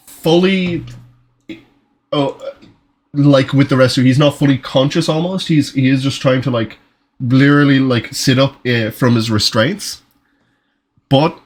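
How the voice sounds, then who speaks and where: A man narrates a tabletop game as its game master over an online call. He talks casually, swears freely and often stops and restarts his sentences. His voice sits at an ordinary middle pitch. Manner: casual, swearing, self-interrupting.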